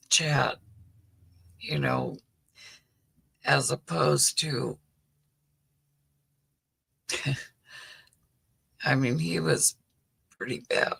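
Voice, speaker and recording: A woman's voice: low-pitched, vocal fry, a bit bright, breathy edge. A middle-aged woman hosting a casual livestream chat, rambling with lots of "you know" as she answers viewer comments. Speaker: livestream host.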